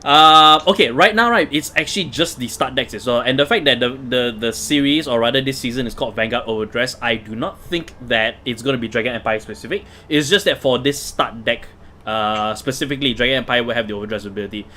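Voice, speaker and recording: A man's voice: mid-range voice, quick pace, pushed and bright, slight background noise. A man hosting a casual card game livestream, chatty, with many fillers and restarts. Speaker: livestream host.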